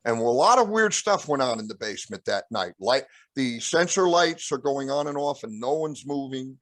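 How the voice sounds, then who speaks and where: Rambling guest telling ghost stories. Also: male voice, lively intonation, moderate pace, no room sound. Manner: rambling, acts out quotes with raised pitch; clears throat often. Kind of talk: casual storytelling.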